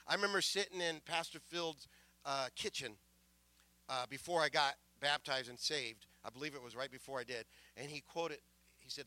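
A middle-aged man preaching a sermon story, his bright, somewhat high voice swinging between hushed asides and loud proclamations. He stammers and restarts often as the emotion builds. The sound is dry and close. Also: animated, normal speed, no echo. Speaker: pastor.

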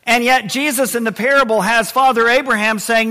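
A man preaching a sermon in a high, bright voice, moving between loud emphasis and quiet intensity. His words ring out with a long reverb, as in a church hall. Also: fairly even intonation, a little fast. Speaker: pastor.

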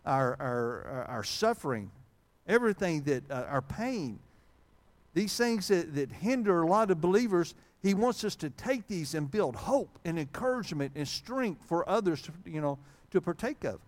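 Lively, joking male pastor preaching. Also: on the high side, normal speed. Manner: animated, humorous, reads old-style scripture wording; conversational, frequent fillers and restarts. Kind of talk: sermon.

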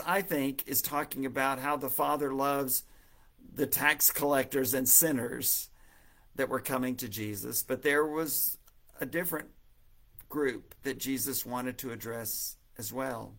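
A man's voice: mid-range voice, gravelly, fairly bright tone. A man preaching an earnest sermon, retelling a parable in a storytelling manner.

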